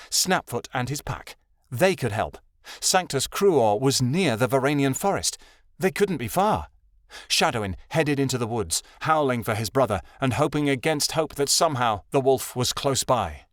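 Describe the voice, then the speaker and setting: A man narrating a young adult fantasy audiobook in an even, measured reading. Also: medium pitch, dry recording, studio quality. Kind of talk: scripted narration.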